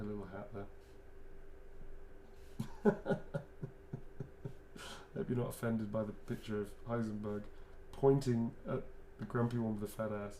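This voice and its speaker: A middle-aged man, an actor, chatting casually and rambling with frequent laughs while he signs autographs. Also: on the low side. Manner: relaxed, rambling, laughs often. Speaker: actor guest signing autographs. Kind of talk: casual chat while signing. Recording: roomy echo, faint background hum.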